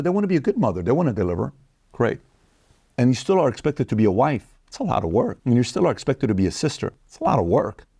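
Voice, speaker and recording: A man hosting an opinion commentary, talking straight to viewers in an animated, mocking way. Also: medium pitch, gravelly, dry recording, studio quality. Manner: animated, mocking, acts out quoted women in a raised voice; addresses viewers directly. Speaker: host.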